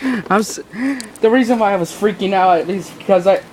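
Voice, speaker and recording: A man rambling casually in a home video, often restarting his sentences. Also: normal speed. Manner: rambling, with many restarts and fillers; switches into high cooing baby talk for the bird. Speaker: video maker talking to his pet bird. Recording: noisy home recording.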